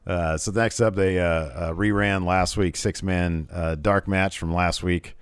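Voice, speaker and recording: A man's voice: deep voice, fairly even intonation, a little slow, clean tone, no room sound, clean studio sound. A man co-hosting a live-streamed podcast, recapping wrestling in a rambling, casual way with lots of fillers. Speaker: podcast co-host.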